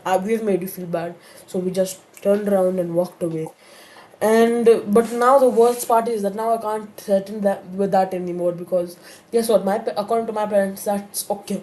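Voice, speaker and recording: Rambling woman with a mellow voice. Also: medium pitch, normal speed. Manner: rambling, animated retelling with many fillers and restarts. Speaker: YouTuber telling a story. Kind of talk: casual story time.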